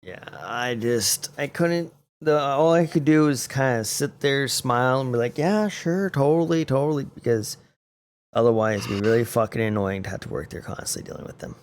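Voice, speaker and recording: A man's voice: mid-range voice, fairly quick, few pauses, a little hiss or hum. Blunt, swearing young man. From Arizona. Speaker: podcast co-host. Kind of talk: casual chat.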